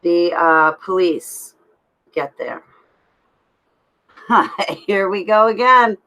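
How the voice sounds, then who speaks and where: Slow, gravelly woman rambling through a story. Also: fairly low pitch, expressive, sharp tone, dull audio. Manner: halting, rambling, with restarts. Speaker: vlogger telling her own story. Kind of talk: personal storytelling.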